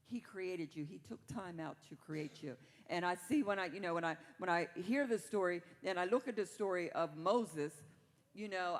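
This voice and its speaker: A man's voice: high voice, big-room sound. A man preaching a sermon in a church, talking conversationally and then building to fervent emphasis.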